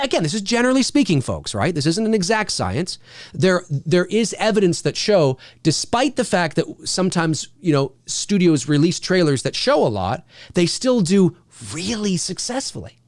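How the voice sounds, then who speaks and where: A man hosting a casual live stream chat, talking loosely, swearing and acting out quotes in an animated way. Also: high voice, no room sound, studio quality.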